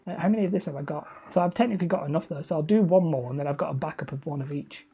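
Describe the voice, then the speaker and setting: A woman's voice: low-pitched, racing, husky, highs cut off. A woman with a Wigan-area Lancashire accent, chatting casually and rambling as she builds hobby terrain on a live stream. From Leigh, near Wigan, England. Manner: chatty, self-mocking, rambling. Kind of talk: casual live-stream chat while crafting.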